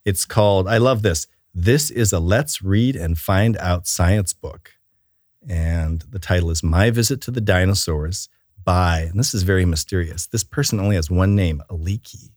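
Deep-voiced man, dry close sound. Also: moderate pace, a little mellow, no room sound. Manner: enthusiastic and storytelling, with many fillers and restarts. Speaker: children's book author and illustrator. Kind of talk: relaxed interview chat.

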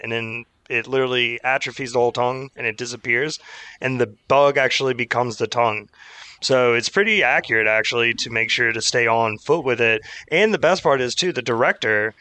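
A man in casual podcast chat reviewing a horror film, animated and profane, often mocking the characters in quick impressions. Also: mid-range voice, no room sound. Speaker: podcast co-host.

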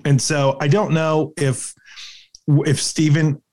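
A man from New England co-hosting a podcast, talking in halting stops and restarts. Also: fairly high pitch, flat delivery, a little mellow. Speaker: podcast co-host. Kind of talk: casual chat.

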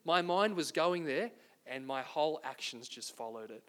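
A man's voice: fairly high pitch, expressive, moderate pace, fairly bright tone. An Australian man preaching a sermon as pastor, earnest and self-deprecating as he tells a story.

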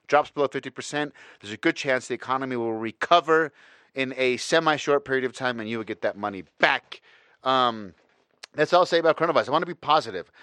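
A man's voice: mid-range voice, a bit bright, no room sound, clean studio sound. A man ranting casually as a podcast host, rambling and profane, with self-mocking humor. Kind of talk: casual opinion rant.

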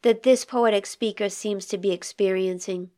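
In a conversational literary discussion, a female podcast co-host thoughtfully questions the meaning of a poem. She speaks at medium pitch and a moderate pace, with a steady, warm tone.

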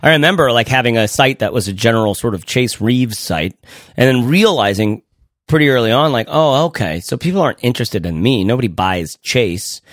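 A man's voice: medium pitch, expressive, a little fast, a bit bright, no room sound, studio quality. A man co-hosting a casual podcast, rambling with lots of restarts and frequent laughs. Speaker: podcast co-host.

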